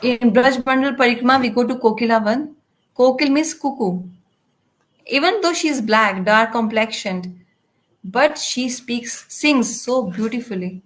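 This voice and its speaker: Halting woman translating a devotional class. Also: fairly high pitch, poor audio. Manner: halting, with frequent restarts and fillers. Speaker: interpreter for a spiritual class. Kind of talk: live translation of a devotional lecture.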